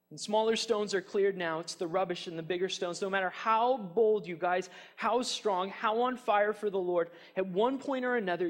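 A man's voice: high voice, in a large hall. A man preaching a sermon as pastor, chatty, with rhetorical questions and fillers like "you know". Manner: frequent fillers like "kind of a thing".

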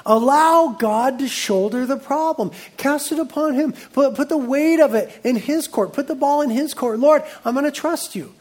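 A middle-aged male pastor preaching a sermon, reading scripture aloud and breaking into lively asides. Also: very high voice, normal speed, few pauses.

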